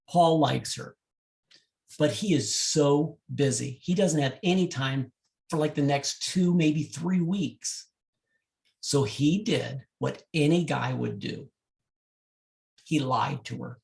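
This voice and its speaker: A man working as a wedding DJ, speaking directly to couples and telling a love story in an animated way. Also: fairly high pitch, measured pace, gravelly.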